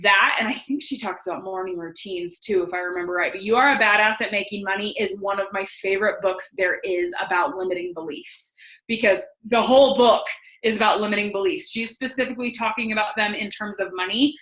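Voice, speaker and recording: A woman's voice: mid-range voice, fairly even intonation, a little fast, a bit bright. A young woman giving a casual motivational talk on a team call, enthusiastic and chatty, with many "like" fillers. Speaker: guest speaker on a team call. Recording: echoey room.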